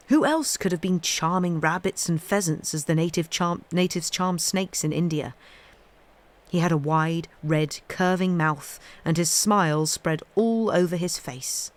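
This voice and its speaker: Woman reading a classic novel aloud. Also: on the low side. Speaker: reader.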